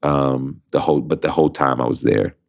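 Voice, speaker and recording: Man, very deep bass voice, Detroit native, young adult, animated storyteller, acts out both sides of phone calls. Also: a little fast, creaky, highs cut off. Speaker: Broadway actor and guest.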